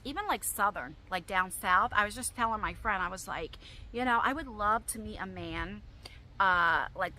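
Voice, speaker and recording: A woman's voice: medium pitch, pushed and bright. A woman vlogger answering viewer questions in a casual, rambling chat full of fillers. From New Jersey, US. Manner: chatty, rambling, frequent fillers. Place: at home.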